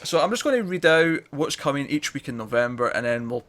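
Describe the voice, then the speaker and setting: A man's voice: fairly high pitch, animated, fairly bright tone. A man hosting a comics podcast in a casual chat, reading out lists with the odd filler. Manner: chatty, reads lists briskly with fillers. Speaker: podcast host.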